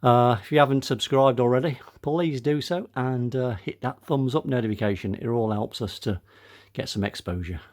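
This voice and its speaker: A man's voice: mid-range voice, moderate pace, few pauses, a little mellow. An older man narrating his own car repair in a casual workshop vlog, out of breath, speaking to his viewers with many fillers. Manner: chatty, many uh fillers, addresses viewers as guys. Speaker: car restoration vlogger.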